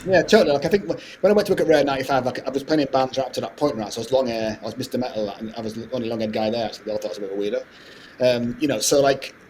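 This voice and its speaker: Middle-aged man, rapid storytelling, animated, faint background hiss. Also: mid-range voice. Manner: fast, animated anecdote-telling with frequent laughs. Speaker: guest composer. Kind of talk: casual podcast interview storytelling.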